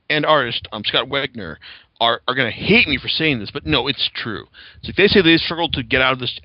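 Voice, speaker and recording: A young man hosts a casual comics podcast and rambles through his thoughts with constant fillers and restarts. His voice sits at an ordinary pitch, and the recording is dry and a little dull. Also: no echo. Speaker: podcast host. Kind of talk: casual chat about comics.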